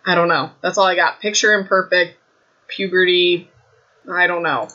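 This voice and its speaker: Chatty woman with a bright voice. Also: lowish voice, steady tone, moderate pace, lo-fi sound. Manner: chatty, rambling, self-deprecating asides. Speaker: podcast host. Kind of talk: casual book recap podcast. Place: home room. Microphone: desk mic.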